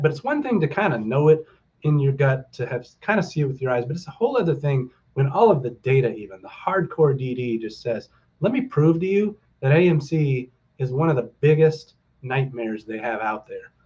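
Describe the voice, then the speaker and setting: A man's voice: medium pitch, big pitch swings, fairly quick, darkish tone. Middle-aged male stream host, loose and upbeat, fills gaps with ums, rallies his viewers; slightly dull home-mic sound. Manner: rambling, upbeat and rallying, with many fillers. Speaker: stock market livestream host. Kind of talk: casual livestream chat to viewers.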